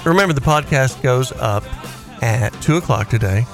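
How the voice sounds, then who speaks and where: Male radio host, fifties, mid-pitched voice, relaxed rambling banter, faint music underneath. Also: normal speed. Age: 50s. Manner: easygoing, rambling, self-deprecating. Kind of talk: casual morning radio chat.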